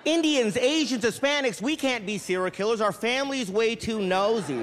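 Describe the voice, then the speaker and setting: A man doing an energetic stand-up routine on a comedy club stage, laughing through his punchlines. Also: very high-pitched, normal speed. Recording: live club audio, loud crowd and noise. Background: loud laughing crowd.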